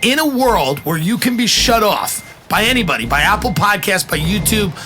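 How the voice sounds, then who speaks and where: A man hosting a casual podcast chat, animated, joking and profane, firing off questions. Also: sits high, moderate pace, music in the background. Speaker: podcast host.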